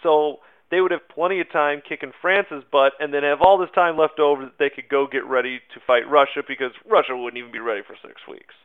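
A man with a fairly high voice teaches a history lesson in a loose, conversational way, full of fillers, asides and little jokes. The sound is narrow and thin, like it is coming through a phone line. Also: fairly even intonation, brisk, hardly any pauses, smooth. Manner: informal, chatty, many fillers and asides. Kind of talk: casual recorded history lecture.

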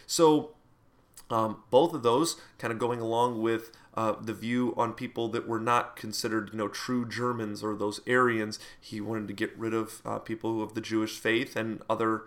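A man's voice: medium pitch, steady tone, normal speed, a bit bright. A man teaching a lecture in a conversational, loose way, full of fillers and asides. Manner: puts on mock voices for quoted speech. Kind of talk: classroom lecture.

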